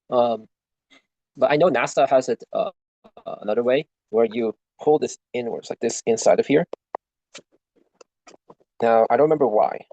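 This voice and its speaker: A man's voice: mid-range voice, animated, unhurried, long pauses, darkish tone, no room sound, low-quality recording. A young man talking through a study review, rambling and self-deprecating, swearing at his tablet now and then. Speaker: student reviewing for an exam. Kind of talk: casual screen-recorded study walkthrough.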